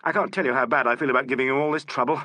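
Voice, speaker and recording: A man voicing a polite, urbane police inspector who questions suspects with gentle irony, in an audiobook. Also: mid-range voice, fairly even intonation, very fast, dry recording, voice pushed up, close to an everyday voice. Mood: charming. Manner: courteous, urbane, gently ironic. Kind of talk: audiobook character voice.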